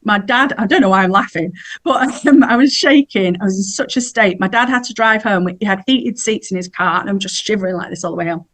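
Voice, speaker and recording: A woman's voice: mid-range voice, fairly quick, few pauses. A middle-aged woman, telling a personal story in a chatty way as a podcast guest and laughing now and then. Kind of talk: casual storytelling.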